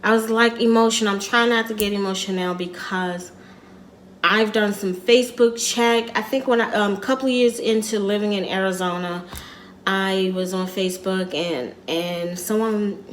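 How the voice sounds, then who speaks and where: A middle-aged woman vlogging casually, rambling and repeating herself as she tells a personal story in an earnest, quiet way. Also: medium pitch, steady tone, moderate pace, a little hiss or hum.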